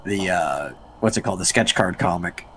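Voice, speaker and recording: A man's voice: low voice, normal speed, a bit bright, slight background noise. A man co-hosting a casual livestream, giving easygoing, thoughtful opinions about comic films while doing art corrections. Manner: easygoing, thoughtful, uses fillers. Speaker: livestream co-host.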